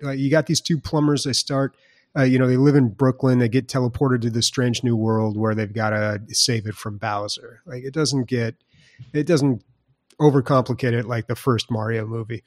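A man's voice: mid-range voice, brisk, no echo, clean studio sound. Rambling man in casual podcast chat. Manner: rambling, lots of fillers and restarts. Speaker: podcast co-host.

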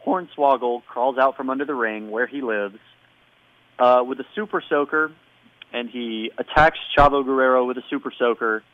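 A man co-hosting a casual podcast, recapping a wrestling show with animated storytelling and playful impressions. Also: mid-range voice, normal speed, no room sound, narrow, tinny audio. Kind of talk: casual chat.

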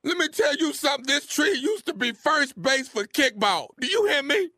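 A man making a prank call on a radio show, shouting and fake-crying over a broken tree in slang. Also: extremely high pitch, expressive, normal speed, noisy background. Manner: shouting, crying put-on rant in Southern slang.

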